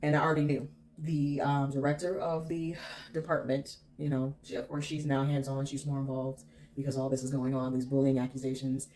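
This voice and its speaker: A woman's voice: rumbling low, flat delivery, fairly quick, warm tone. A woman vlogger telling a personal story in an emphatic, candid way, swearing freely.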